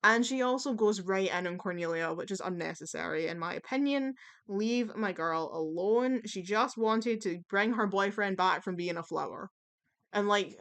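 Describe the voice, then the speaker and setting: A woman's voice: medium pitch, normal speed, a bit bright. A woman talking casually in a tier-list video, chatty and opinionated, with plenty of fillers and the odd swear word. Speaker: YouTube commentator.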